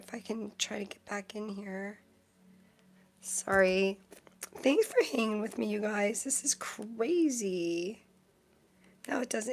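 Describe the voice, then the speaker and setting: With a mid-range voice and a little hiss or hum in the background, a woman reads tarot cards on a live stream. She chats casually with viewers, uses lots of fillers, and thanks them often.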